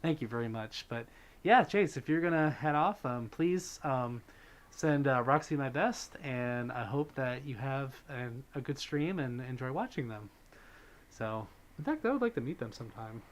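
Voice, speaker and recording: A man's voice: mid-range voice, expressive, normal speed. A man hosting a livestream, chatting casually with viewers, reading their messages and thanking donors, with plenty of fillers. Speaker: livestream host.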